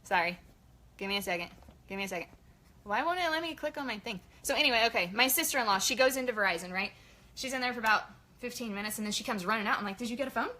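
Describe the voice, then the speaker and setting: A woman leading a casual motivational team training, chatty and energetic in her pep talk. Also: a little high, fast. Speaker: sales team leader.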